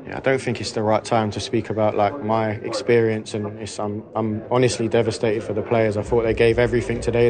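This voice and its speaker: A man giving a subdued, measured post-match interview about his team. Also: mid-range voice. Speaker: football player.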